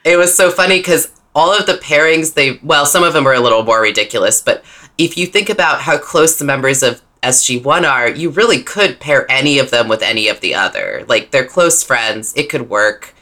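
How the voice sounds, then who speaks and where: Bright-voiced woman in casual fan chat. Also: rumbling low, animated. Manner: enthusiastic, rambling, quick restarts. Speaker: podcast co-host. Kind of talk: casual book-club chat.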